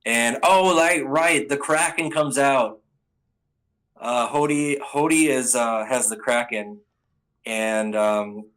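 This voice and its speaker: A man's voice: medium pitch, a bit bright, rough recording. A man giving a casual, rambling spoken recap of anime episodes, full of ums and restarts.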